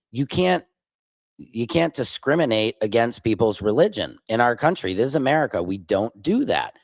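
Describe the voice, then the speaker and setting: A man's voice: mid-range voice, darkish tone, no room sound. Man reacting to chat on a livestream. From Minneapolis. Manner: reacts to clips and chat comments, argumentative, informal. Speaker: livestream host. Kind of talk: casual livestream commentary.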